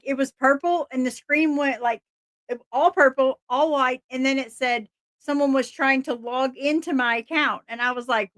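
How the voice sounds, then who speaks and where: High-voiced excitable woman host. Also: no echo, clean studio sound. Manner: excitable, laughs often, rambling. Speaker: livestream host. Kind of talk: casual live-stream chat.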